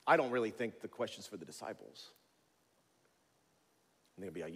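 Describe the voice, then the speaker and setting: A male pastor giving a sermon in a church, conversational and animated, with jokey storytelling. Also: on the low side, moderate pace, breathy edge, big-room sound. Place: church sanctuary.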